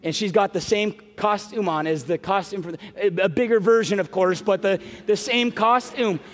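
A middle-aged man preaching a sermon as pastor, telling an emotional family story with quick asides. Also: sits high. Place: large church sanctuary. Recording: long hall reverb, soft music behind.

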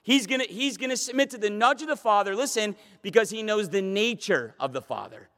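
Male pastor, high voice, impassioned sermon delivery, long hall reverb. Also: animated, fairly quick, fairly bright tone. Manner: impassioned, repeats and restarts phrases.

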